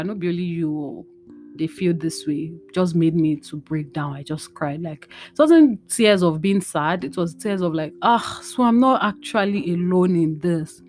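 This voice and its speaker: A young woman speaks to her listeners in a personal, heartfelt monologue. Her voice sits a little low, and she talks in an open, chatty way with plenty of fillers. Faint guitar music plays softly behind her. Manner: candid, emotional, chatty with many fillers. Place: her bedroom at home.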